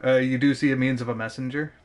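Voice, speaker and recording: A man's voice: mid-range voice, fairly even intonation, fast talker, crowd noise. A man running a tabletop game as game master, rambling and slipping in laughs often. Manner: rambling, keeps saying "means of", laughs a lot.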